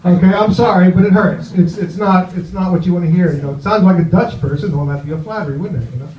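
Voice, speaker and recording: Stand-up comic, male, slightly high voice, meandering halting delivery, echoey dull club recording. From New Jersey, USA. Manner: rambling, halting, full of "you know". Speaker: stand-up comedian. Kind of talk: stand-up set. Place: comedy club with live audience.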